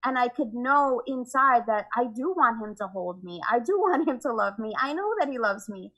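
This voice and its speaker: A woman's voice: on the high side, expressive, moderate pace, fairly bright tone, low-quality recording. A young woman talking openly about her relationship as a podcast guest, often laughing and acting out what she once said. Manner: candid, laughs often, acts out her own past words. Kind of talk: casual conversation.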